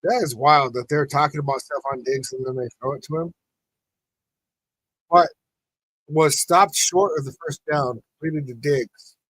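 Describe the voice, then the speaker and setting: A man's voice: fairly high pitch, a little slow, pauses often, a bit bright, slightly rough, dry recording, rough recording. A man hosting a live football watch party, reacting to the plays and talking with his chat. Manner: frustrated, reacting to the game, talks to chat. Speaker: podcast host.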